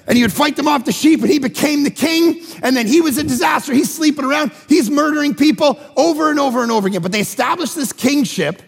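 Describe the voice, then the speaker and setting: High, gravelly male pastor preaching. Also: quick pace, few pauses, in a large hall. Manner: energetic, joking, emphatic preaching that swings between loud and quiet. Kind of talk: sermon. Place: church.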